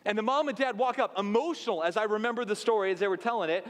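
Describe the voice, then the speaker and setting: A man's voice: high voice, fast talker. A man in his late thirties from South Dakota, preaching a sermon in a conversational storytelling way with asides to the congregation. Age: late 30s. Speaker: pastor. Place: church sanctuary. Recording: long hall reverb.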